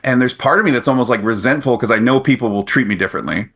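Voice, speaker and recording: A man's voice: medium pitch, racing. A man in his forties co-hosting a podcast, telling a story animatedly in casual chat. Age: 40s. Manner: animated storyteller acting out others' lines. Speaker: podcast co-host. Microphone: podcast microphone.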